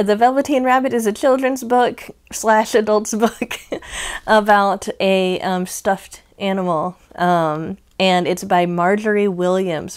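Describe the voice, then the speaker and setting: A woman's voice: mid-range voice, smooth. A woman hosting a casual crafting unboxing vlog, talking in a chatty, rambling way with many ums and easy laughs. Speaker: crochet channel host.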